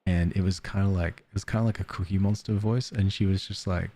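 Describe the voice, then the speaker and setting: A man's voice: low voice, fairly even intonation, fast, dark tone, a little hiss or hum. A man streaming a cozy game, chatting casually and giggling while reading game letters aloud. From Australia. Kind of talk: casual let's-play chat.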